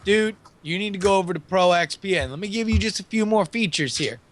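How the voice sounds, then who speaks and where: A man's voice: high voice, fairly quick, a bit bright. A man co-hosting a comedy podcast, reading a sponsor ad in a goofy way and slipping into silly voices. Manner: goofy, puts on voices mid-read. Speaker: co-host reading an ad. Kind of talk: comedic ad read.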